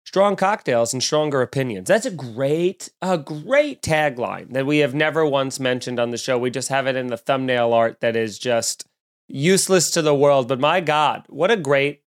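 A man's voice: mid-range voice, expressive, moderate pace. A man with a Long Island accent hosting a casual comedy podcast, rambling and joking with frequent self-corrections. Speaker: podcast host.

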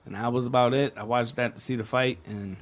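A man's voice: mid-range voice, steady tone, brisk. A man hosting a casual group podcast chat, laid-back, swearing and laughing easily. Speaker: podcast host.

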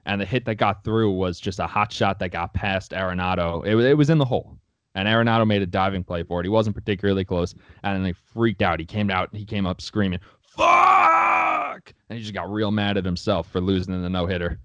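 Blunt, low-voiced man talking sports. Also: fairly even intonation, fast, clean tone, no room sound. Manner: blunt and opinionated, swears freely. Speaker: sports podcast co-host. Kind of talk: casual sports chat.

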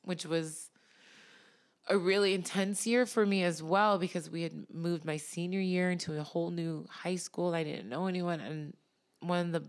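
A woman guest on a podcast, telling a personal story in a tearful, halting way and laughing through the emotion. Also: fairly low pitch, fairly even intonation, smooth.

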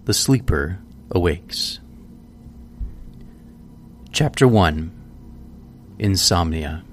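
A man hosting a podcast, reading a classic story aloud in a measured, deliberate way. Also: low-pitched, expressive, a little hiss or hum. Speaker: podcast host. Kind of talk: scripted narration of a classic story.

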